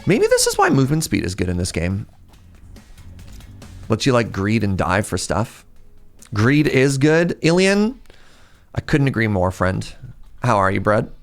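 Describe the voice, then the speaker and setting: A man giving casual, excitable commentary while streaming a video game and chatting with his viewers. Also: fairly low pitch, moderate pace, vocal fry, long pauses, soft background music. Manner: excitable, chatty, talks to chat.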